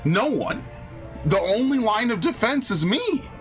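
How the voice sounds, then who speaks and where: A man's voice: sits high, sing-song, unhurried, faint music behind, pitched above the performer's own voice. A man doing a smug gloating chat buddy. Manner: gloating, mock-triumphant.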